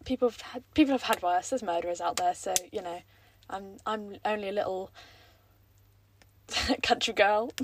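A woman's voice: medium pitch, no echo. A young woman hosting her own podcast, rambling through casual, self-mocking chat about her day. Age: young adult. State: croaky throat; a bit out of breath. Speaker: podcast host.

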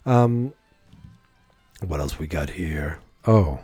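A man's voice: a bass voice, animated, takes it slowly, mellow, husky, no room sound, soft background music. A man giving a rambling, frank solo commentary on wrestling, swearing freely and thinking aloud. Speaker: wrestling podcaster.

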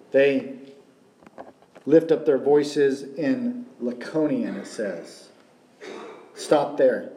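A man's voice: fairly high pitch, warm tone. A male pastor preaching a sermon, asking the congregation rhetorical questions and repeating key phrases. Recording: roomy echo.

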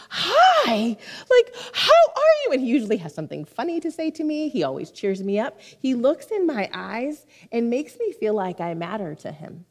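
Woman pastor preaching, casual and heartfelt, lots of little asides, medium pitch. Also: a little mellow. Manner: conversational and heartfelt, many likes and asides. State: near tears for a moment. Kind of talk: sermon.

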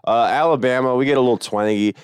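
A man's voice: mid-range voice, quick pace, smooth, dry recording. A young man with a Southern US accent, rambling through stories in casual chat with sarcastic asides. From American South.

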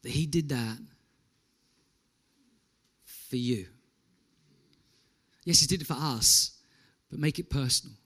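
A man preaching a sermon, swinging between loud and hushed. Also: mid-range voice, slow, pauses often, husky. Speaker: pastor.

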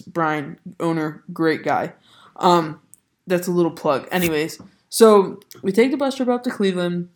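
A young woman from the Baltimore area hosting a casual podcast, stuffy and nasal, rambling excitedly and swearing casually. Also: on the low side. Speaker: podcast host. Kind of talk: casual chat. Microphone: studio mic.

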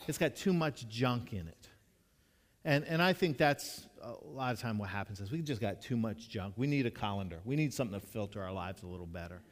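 A man's voice: fairly low pitch, lively intonation, fairly quick. A man preaching a conversational sermon as a pastor, earnest and storytelling, often restarting and repeating his words. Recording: long reverb of a large hall.

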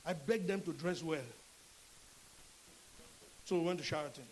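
A middle-aged Nigerian man preaching a sermon as a pastor, animated and acting out dialogue in shifting voices. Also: fairly high pitch, moderate pace, a little hiss or hum, rough recording.

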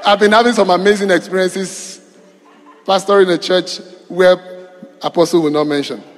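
High-voiced preacher man in an echoey hall. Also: fairly even intonation, moderate pace. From East Africa. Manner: call-and-response preaching, shifting between loud and quiet. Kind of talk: sermon. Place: church hall. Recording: echoey church hall with music behind.

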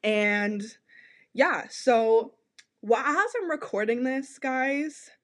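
A woman's voice: fairly high pitch, drawn-out words, fairly bright tone. A woman hosting a podcast, ranting in a blunt, profane, repetitive way. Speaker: podcast host. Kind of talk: casual podcast rant.

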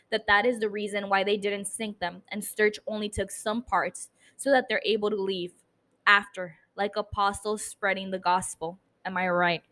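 A woman with a mid-range, fairly bright voice hosts a podcast recapping a TV episode. Her talk is casual and chatty, sprinkled with swearing and self-mocking laughs.

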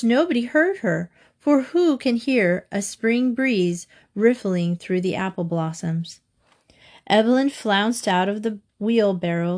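A woman narrates a children's storybook aloud. Her delivery is expressive and lively, with an ordinary, middling pitch. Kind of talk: reading a children's book aloud.

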